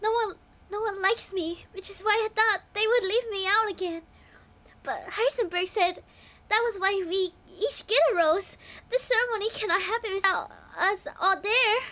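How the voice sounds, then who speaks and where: Woman putting on a shy nerdy guy, stammering, anxious, very high, bright tone. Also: moderate pace. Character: shy, nervous nerdy young man, insecure.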